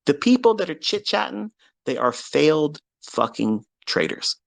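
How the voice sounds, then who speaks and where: A middle-aged man giving a heated, profane monologue on a live audio chat, combative and defiant, his voice dropping low and then bursting out loud. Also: big pitch swings, measured pace, vocal fry. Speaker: trading educator.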